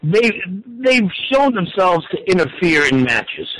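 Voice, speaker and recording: A man in his forties talks sports in a bright, high voice. He is excitable and swears freely, tripping over stammered restarts as he rushes on. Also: rough recording. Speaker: wrestling and football pundit guest. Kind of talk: excited casual sports talk.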